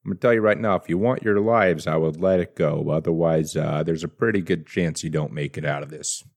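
A man's voice: a bass voice, a little fast, darkish tone. A man, a player in a tabletop game, speaking in character with exaggerated pleading.

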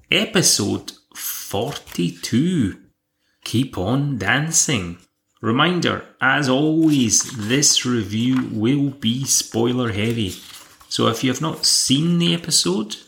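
A man's voice: medium pitch, vocal fry, fairly bright tone, slight background noise. A man hosting a podcast, recapping an episode in a dry, wry, casual way. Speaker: podcast host.

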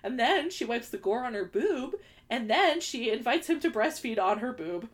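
A woman's voice: on the high side, very animated, normal speed. A young woman co-hosting a podcast, recapping a film in casual chat and acting out quoted lines in exaggerated voices. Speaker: podcast co-host.

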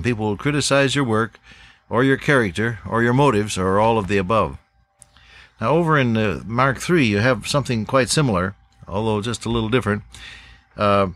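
An older man preaching a sermon to pastors in a folksy, unhurried way, with many pauses and uh's. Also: fairly low pitch, a bit bright, no echo.

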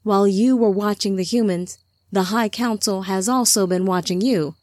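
Woman speaking as a calm, gentle divine lord. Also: mid-range voice, dry recording, clean studio sound, natural voice. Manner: soft, measured, reassuring.

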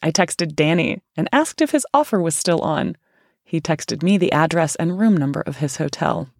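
A woman's voice: deep voice, animated, moderate pace, darkish tone, no room sound, clean studio sound. A woman narrating her own memoir in the first person, candid and playful, with a teasing edge.

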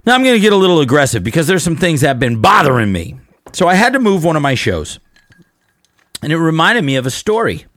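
A man's voice: on the high side, big pitch swings, fast, a bit bright, no echo, studio quality. A middle-aged man hosting a show, rambling through stories in a casual monologue and turning blunt and heated as he preaches to fellow musicians. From Southern California. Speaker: podcast host and musician.

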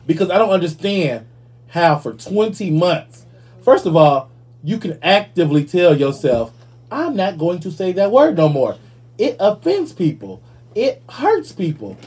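A man talks through a podcast with sassy, animated attitude, swearing freely. His voice is husky and mellow, pitched a touch high for a man. It is casual, unscripted commentary straight into the mic. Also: unhurried. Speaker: podcast host.

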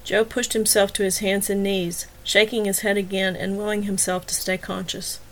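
A woman's voice: medium pitch, a little hiss or hum. Woman narrating an audiobook. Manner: even, measured storytelling.

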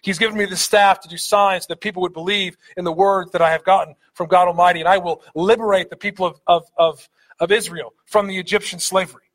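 A man with a high, light voice preaches a sermon. He talks earnestly, stumbling over repeated words and lifting his voice when he drives a point home. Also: fairly even intonation, fast talker, fairly bright tone. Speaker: pastor.

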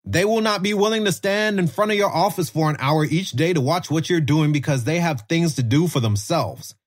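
A man hosting a podcast, speaking in a measured, deliberate way. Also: on the high side. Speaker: podcast host. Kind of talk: prepared interview speech.

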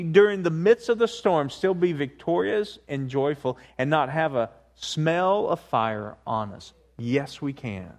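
A man preaching a sermon, swinging between hushed asides and rising, emphatic points, with frequent repetition. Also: fairly high pitch. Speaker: pastor.

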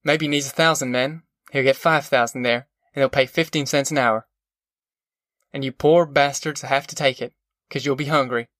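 A man's voice: medium pitch, fairly even intonation, normal speed, a bit bright, no echo, clean studio sound, lightly acted. A man reading a story, voicing a defiant male migrant worker who speaks bluntly and challenges others. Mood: rousing.

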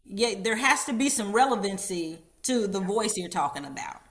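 A woman's voice: mid-range voice, lively intonation, normal speed, a bit bright. Encouraging woman hosting an interview. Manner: encouraging, lots of affirming fillers. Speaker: interview host. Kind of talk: casual interview talk.

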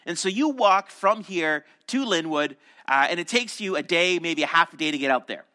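A male pastor delivers an animated sermon, slipping into quick voices for the people in his stories. His voice sits high and bright, and it swings widely in pitch as he preaches. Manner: animated storytelling, acting out voices of crowds and disciples.

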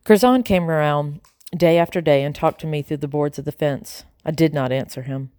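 A woman reading an audiobook in a slow, grave first-person telling. Her voice is low and mellow. The recording is close and completely dry. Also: dry recording. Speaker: audiobook narrator. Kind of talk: audiobook narration.

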